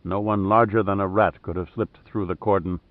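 A ruthless male commander who snarls and barks short orders, as a man reads him out. The voice sits low and carries an angry growl. This is storybook-style acting within a narrated thriller. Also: steady tone, moderate pace, no room sound, narrow, tinny audio, lightly acted. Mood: grim.

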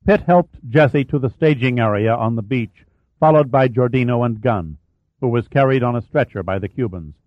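A man narrates an audiobook in a steady, measured way, his voice sitting at an ordinary middle pitch. He drops to a quieter tone for the characters' lines. The recording is close and dry, with a slightly dull top end. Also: no echo. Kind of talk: scripted narration.

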